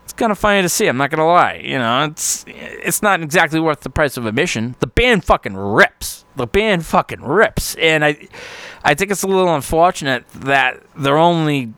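A man's voice: fairly high pitch, animated, a little fast, fairly bright tone, smooth, no room sound. Foul-mouthed rambling podcast host man. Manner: rambling, swears constantly, laughs often. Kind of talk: casual podcast monologue.

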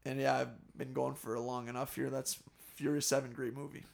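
Gravelly, upbeat man chatting about movies. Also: mid-range voice, flat delivery, normal speed, darkish tone. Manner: enthusiastic, laughs often, rambling recaps. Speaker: podcast co-host. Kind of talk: casual movie discussion.

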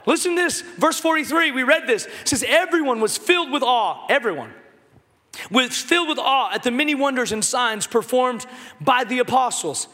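High, bright-voiced preacher man shouting in a hall. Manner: animated, joking preacher who shouts key lines. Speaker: pastor. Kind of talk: sermon. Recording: long hall reverb.

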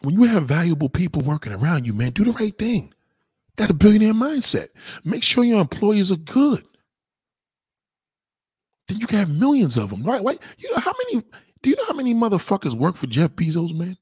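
A man delivering a profane, ranting monologue, emphatic and heated, swinging from loud outbursts to low muttering. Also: huge pitch swings, fairly quick, breathy edge, dry recording.

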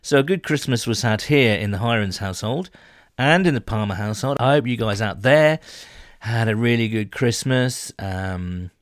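A man's voice: lowish voice, expressive, normal speed, no echo, clean studio sound. A man hosting a podcast in casual chat, rambling and jokey with lots of fillers. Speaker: podcast host.

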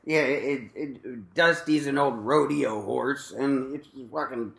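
A man's voice: medium pitch, slow, creaky, fairly bright tone. A man hosting a casual chat, rambling and joking at his own expense, with lots of fillers and laughs. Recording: echoey room.

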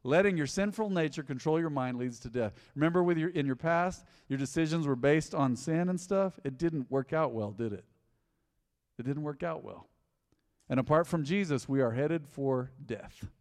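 A male pastor preaching a sermon in a church hall, animated and conversational, often repeating his points. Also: on the high side, normal speed. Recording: long hall reverb.

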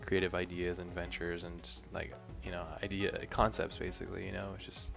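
A man with a very deep voice hosts a podcast in easygoing conversation. His tone is gravelly and full of vocal fry. He talks in a laid-back way and leans on "you know" as he trails off. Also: completely flat delivery, fairly quick, music in the background. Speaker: podcast host. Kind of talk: casual chat.

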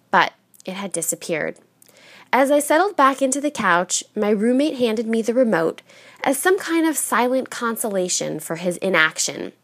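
A woman narrating a personal story aloud in a steady storytelling read. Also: fairly high pitch, vocal fry, no room sound.

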